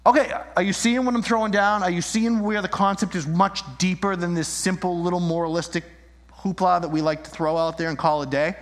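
A man preaching a sermon, animated, acting out little scenes and shifting his voice as he argues. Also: high-pitched, fairly quick. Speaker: pastor. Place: church. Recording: long reverb in a hall.

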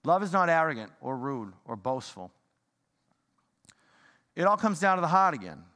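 A man preaching a sermon in a fired-up, rambling way, swinging from loud bursts to hushed talk. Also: fairly high pitch, big pitch swings, moderate pace. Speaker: pastor. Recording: long hall reverb.

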